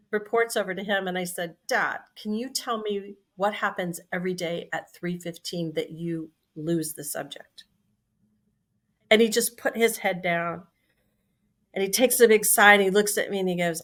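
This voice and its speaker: A woman in her sixties, a company CEO, telling a lively story in conversation and acting out the quoted dialogue. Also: medium pitch.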